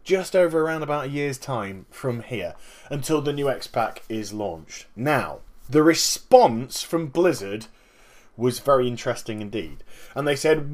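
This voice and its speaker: A man hosting a casual gaming commentary vlog, talking in an animated, emphatic way and explaining things step by step. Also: medium pitch, unhurried. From Northern Hemisphere. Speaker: gaming video host.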